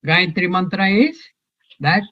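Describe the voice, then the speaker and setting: A man's voice: high-pitched, lively intonation, a little slow, muffled recording. An older man teaching a scripture class, talking in a musing way and quizzing his students. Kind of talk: scripture class, question and answer.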